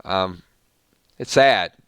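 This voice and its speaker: A man hosting a casual livestream, chatting loosely and rattling off supporters' names with quick thank-yous. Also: sits low, a bit bright, clean tone, no echo. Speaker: livestream host.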